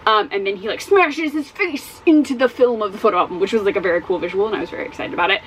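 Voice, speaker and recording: A woman's voice: mid-range voice, racing, slight background noise, low-quality recording. A woman chatting casually in a reading vlog at home, rambling and exclaiming, repeating her points. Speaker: book vlogger. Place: home with dogs.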